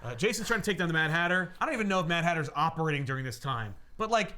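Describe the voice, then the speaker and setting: Young guy chatting comics, bright lively voice, keeps doing silly character bits. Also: a little high, racing. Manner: animated, laughing, acts out characters. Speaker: podcast co-host. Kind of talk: casual comic book discussion.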